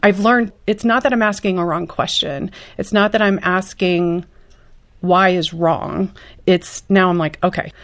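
Woman guest, lowish pitch, earnest and heartfelt, interview. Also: unhurried. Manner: earnest, heartfelt, lively retelling. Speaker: guest, mother of a special needs child. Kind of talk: candid interview conversation.

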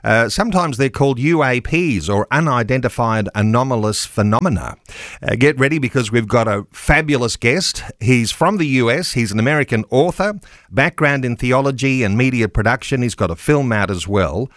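Man, radio talk host, thoughtful and measured, dry studio sound. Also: medium pitch, animated, fairly bright tone, no echo. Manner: measured, reflective, many fillers. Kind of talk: casual radio chat.

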